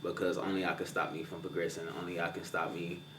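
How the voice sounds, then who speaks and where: A man from answering interview questions earnestly, a bit halting as he thinks. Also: low-pitched, little pitch movement, fairly bright tone, slight background noise. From Louisiana. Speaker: rapper, interview guest. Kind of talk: casual interview. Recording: roomy, distant mic with music behind.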